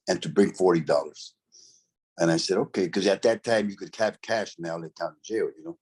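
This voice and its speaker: A man's voice: lowish voice, brisk, darkish tone, breathy edge. A middle-aged man, telling a story from his past in a casual, profane, streetwise way, full of "bro" and "right?". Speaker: interview guest, former convict.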